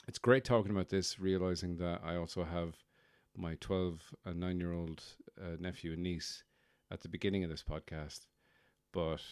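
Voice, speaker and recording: A man's voice: deep voice, clear, resonant tone, no echo, clean studio sound. A man hosting a podcast, rambling wryly and poking fun at himself in a casual monologue. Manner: wry, self-deprecating, rambling. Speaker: podcast host.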